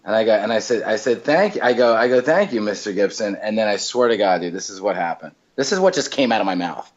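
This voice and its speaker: A man's voice: fairly low pitch, quick pace. Comedian guy spinning a long story, lots of likes and you knows, kinda muffled lo-fi sound. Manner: animated storyteller, many fillers and restarts. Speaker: comedian guest. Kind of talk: casual storytelling chat.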